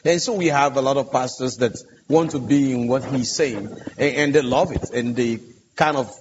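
A man's voice: medium pitch, normal speed. A man, a pastor on a conference panel, telling a story earnestly and emphatically, acting out the dialogue. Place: large conference hall. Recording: dull, echoey conference hall audio with hiss.

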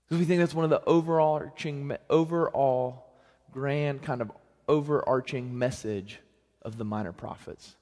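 A young man preaching a sermon as pastor, in a conversational, joking manner with lively swings in pitch and loudness. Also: moderate pace. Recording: long hall reverb.

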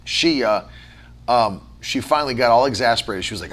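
A man's voice: medium pitch, fast talker, fairly bright tone. A man preaching a sermon as pastor, moving between a chatty storytelling tone and emphatic, rhythmic lists of repeated words. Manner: conversational storytelling with fillers.

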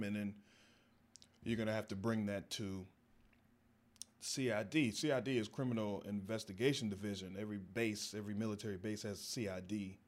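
A man from the American South telling a long comedic story, jumping into high-pitched voices for the people in it. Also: normal speed. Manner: animated, acts out other voices in high pitch. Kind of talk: storytelling stand-up.

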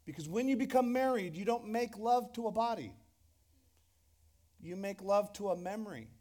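A man's voice: sits high, expressive, normal speed, dark tone. A man preaching a sermon to a church congregation, casual and joking, often restarting his phrases. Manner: conversational and joking, with repeated restarts. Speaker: pastor. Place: church hall before a congregation.

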